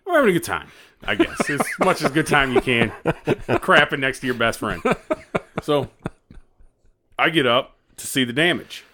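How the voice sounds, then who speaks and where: A man co-hosting a podcast, telling a story in a casual, animated way with lots of laughter. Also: mid-range voice, moderate pace, long pauses, over a noisy crowd. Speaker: podcast co-host.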